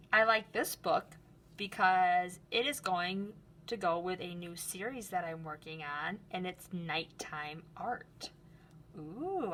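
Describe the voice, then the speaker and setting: Slow, gentle woman reading to kids. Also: on the low side, a little hiss or hum. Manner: gentle, slow and enthusiastic, addressing children. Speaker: art teacher. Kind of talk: book read-aloud lesson for children.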